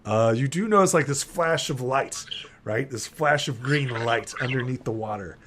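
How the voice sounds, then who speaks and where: A man's voice: medium pitch, normal speed, noisy background. Guy gm narrating a pony tabletop game, keeps asking right?, laughs a lot. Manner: animated, laughing, many "right?" tags. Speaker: game master.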